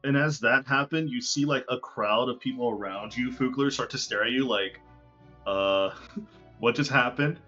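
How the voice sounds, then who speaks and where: A man's voice: medium pitch, brisk, hardly any pauses, sharp tone. A man running a tabletop game as game master, narrating casually with lots of fillers. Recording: dull lo-fi recording with faint music.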